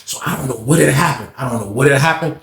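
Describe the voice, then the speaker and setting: A man telling a story in a casual vlog, slangy and animated, with lots of fillers and cursing. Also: mid-range voice, fast talker, gravelly, slight background noise. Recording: roomy echoey room.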